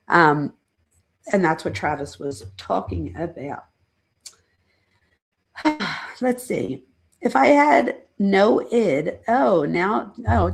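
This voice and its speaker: A middle-aged woman hosts a casual livestream, explaining ideas and talking straight to her viewers. Her voice is rough with fry and a little husky. She rambles, tosses in asides and pokes fun at herself. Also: low-pitched. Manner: chatty, rambling, self-deprecating asides; addresses chat viewers directly. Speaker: psychologist and true crime channel host. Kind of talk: casual livestream lecture chat.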